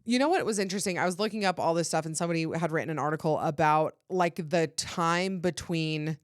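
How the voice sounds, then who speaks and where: Giggly woman co-host, lowish voice. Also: fast talker, no room sound, studio quality. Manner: giggly, easygoing, laughs often. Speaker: podcast co-host. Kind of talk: casual chat.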